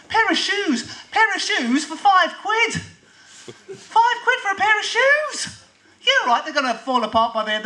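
A woman performing a comic spoken word monologue at a live venue, with animated, self-mocking exaggeration. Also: very high voice, low-quality recording.

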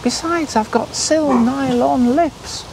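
Brief: comic talking tent, a man doing it, shrill and scolding, drawn-out delivery. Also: noisy background, exaggerated voice. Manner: scolding, high squeaky put-on voice. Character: talking tent, sulky and reproachful.

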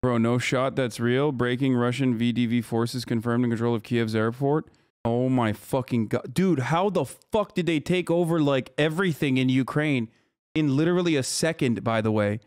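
A male streamer talking close to a desk mic, swearing and reacting in disbelief. His voice is smooth and resonant, and the sound is dry. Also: medium pitch, a little mellow, no echo. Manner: profane, incredulous, rapid-fire reactions. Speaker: streamer reacting to live news. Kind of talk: live stream commentary.

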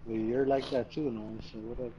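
A young man playing alongside a friend, breaking into frustrated outbursts and quick questions. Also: mid-range voice, steady tone, dull audio, slight background noise. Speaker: co-player. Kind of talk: casual gameplay chat.

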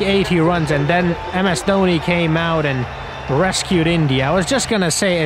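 A young man giving rambling, casual play-by-play commentary over a cricket video game, getting excited on big shots. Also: a little high. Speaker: gaming commentator. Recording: loud crowd and game noise behind.

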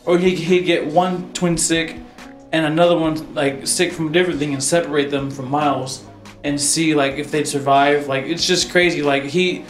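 A man's voice: fairly high pitch, fairly even intonation, moderate pace. A young man co-hosting a podcast in casual chat, rambling with lots of fillers and laughing often. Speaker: podcast co-host. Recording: echoey room with faint music.

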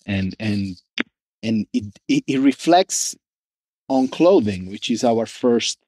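A man being interviewed about the brand he founded, talking casually and haltingly, often restarting as he searches for words. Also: mid-range voice, animated, dark tone, dry recording. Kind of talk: casual conversation.

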